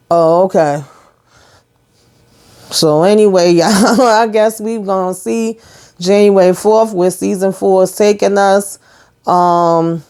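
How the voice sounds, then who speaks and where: A woman hosting her own channel, giving a casual, animated recap of a TV episode in slangy talk aimed straight at her viewers. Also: lowish voice, clean tone.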